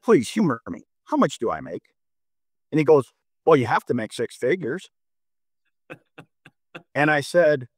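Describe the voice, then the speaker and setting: Man, middle-aged, mayor, halting repeated starts, storytelling, dry close sound. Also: medium pitch, no echo. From North Dakota. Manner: halting, repeats words, tells stories. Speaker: mayor, guest. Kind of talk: casual discussion.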